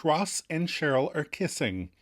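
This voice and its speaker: A man co-hosting a podcast recaps a sitcom episode in casual, playful chat. His pitch rises and dips freely as he narrates. He slips into quick mock voices for the characters. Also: sing-song, fairly bright tone. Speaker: podcast co-host.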